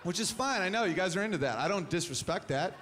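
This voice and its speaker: A male stand-up comedian in his thirties delivers a crude set in a slightly high voice, wry and quick to chuckle. There is a faint hiss under his voice. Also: animated, a bit bright.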